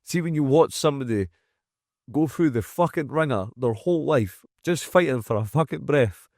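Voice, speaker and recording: A man's voice: medium pitch, lively intonation, moderate pace, a little mellow, dry recording. A man with a Scottish accent, a gym owner speaking as a podcast guest, frank and emphatic, swearing freely and acting out what people say. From Scotland. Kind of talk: candid podcast conversation. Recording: dry close-miked studio sound.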